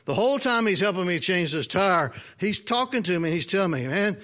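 A man preaching a sermon, telling a personal story in a folksy, animated way and asking the congregation questions. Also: high voice, a little fast. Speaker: pastor.

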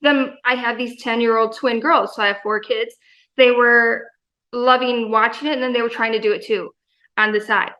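Brief: excitable mom-of-four guest, woman, slightly high pitch, lots of "you know" and "like". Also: moderate pace, lo-fi sound. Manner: enthusiastic, rambling with many fillers. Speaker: guest, gym member. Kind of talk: casual interview chat.

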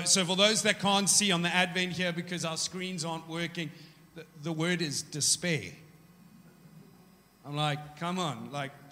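A man preaching a sermon in a church, casual and joking, telling stories with animated energy. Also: a little high. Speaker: pastor. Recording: echoey church hall.

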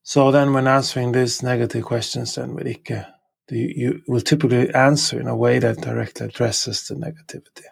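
A man teaching a podcast language lesson with a Norwegian accent, slowly repeating each example word and sentence three times. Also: medium pitch, steady tone, vocal fry, breathy edge.

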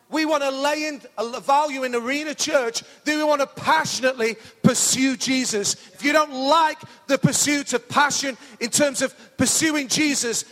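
High-voiced pastor preaching loudly. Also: male voice. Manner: pumped-up, loud, enthusiastic preaching. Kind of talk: sermon. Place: church hall. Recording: reverberant church hall.

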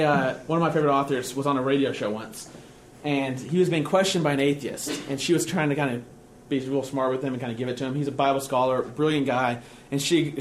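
A man's voice: a little high, a little hiss or hum. A man preaching a sermon in an earnest, conversational teaching manner, often restarting his phrases. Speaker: pastor. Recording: echoey room.

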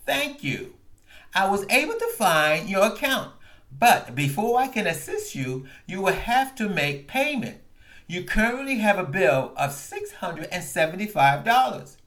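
A man's voice: high-pitched, big pitch swings, unhurried, fairly bright tone, pitched above the performer's own voice, exaggerated voice. A man voicing a female automated phone-line AI that is polite, scripted and unhelpful. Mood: prim, scripted.

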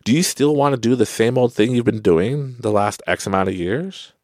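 A man with a Canadian accent hosting a podcast, giving a casual motivational monologue, animated and laughing often. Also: mid-range voice, moderate pace, dry recording, clean studio sound. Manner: animated, laughs often, tags lines with "right?". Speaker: podcast host.

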